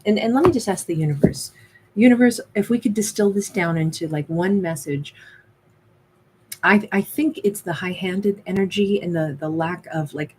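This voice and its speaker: A woman's voice: fairly low pitch, darkish tone, a little hiss or hum, poor audio. Chatty woman reading tarot cards. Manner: chatty, acts out quoted lines. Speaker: tarot reader. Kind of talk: casual tarot reading monologue.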